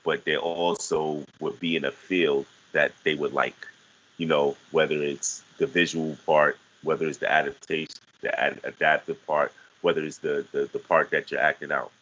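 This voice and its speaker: A man with a very low, deep voice that still carries a bright, forceful edge. He explains teaching ideas in a relaxed, conversational way, often stumbling over restarts and repeating words before finding his point. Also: normal speed, rough recording. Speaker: guest teaching artist. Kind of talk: casual conversational teaching talk.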